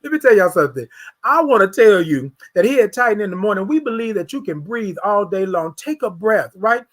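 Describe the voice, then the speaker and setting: A man's voice: high voice, expressive, fairly quick, fairly bright tone. A man hosting a motivational morning show, talking in a repetitive, preacher-like, encouraging way. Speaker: host.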